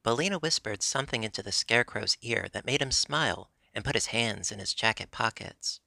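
A man reading a classic children's story aloud as an audiobook narrator, with steady, clear storytelling. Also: on the low side, moderate pace, dry recording.

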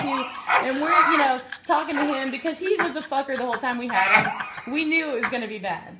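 A woman from the American South telling a funny true story, animated, laughing through her lines and swearing freely. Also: sits high, brisk, echoey room. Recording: loud background noise.

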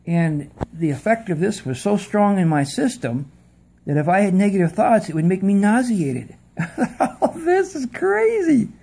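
A man's voice: a little high, warm tone, slightly rough. A man speaking into a phone camera in an earnest, casual monologue, often repeating words for emphasis. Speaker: video presenter.

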